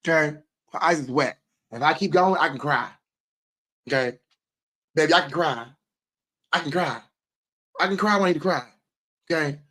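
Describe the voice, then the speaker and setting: This livestream host has a fairly high, bright and forceful voice, moving at a moderate pace and pausing often. Reacting to viewer comments on his casual stream, he's emphatic, repetitive and full of swearing.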